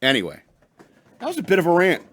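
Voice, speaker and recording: A man's voice: sits high, wildly swooping pitch, fast, a bit bright, dry recording. A man hosting a radio show, ranting and reading news stories in a rambling, profane way with lots of restarts, a bit tipsy.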